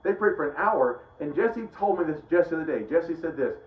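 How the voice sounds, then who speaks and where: A middle-aged preacher with an expressive, somewhat high voice talks at a quick pace through a conversational Bible teaching. He rambles and regularly interrupts himself to restart sentences. The audio is roomy and dull, with a lo-fi character.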